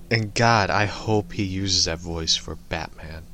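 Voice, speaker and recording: Low, slow-talking young man ranting. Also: sharp tone, a little hiss or hum. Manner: rambling, profane, chuckles between remarks. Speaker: online commentator. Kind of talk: rambling opinion rant.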